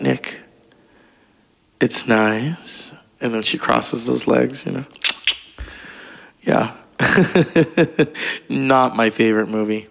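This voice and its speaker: A man's voice: mid-range voice, creaky, a bit bright. A man talking in a rambling, gossipy monologue, full of profanity and digressions. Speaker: vlogger.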